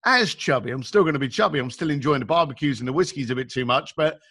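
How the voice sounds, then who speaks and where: Male guest, bright and forceful, animated storyteller, slangy. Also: medium pitch, fast, slightly rough. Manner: animated, chatty, acts out quotes; informal slang. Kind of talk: casual storytelling.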